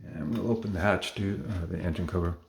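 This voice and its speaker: A man's voice: sits low, a little fast. A man casually showing off his collection, enthusiastic and rambling, with lots of fillers and little self-corrections. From Canada. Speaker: collector showing model cars. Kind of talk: casual show-and-tell.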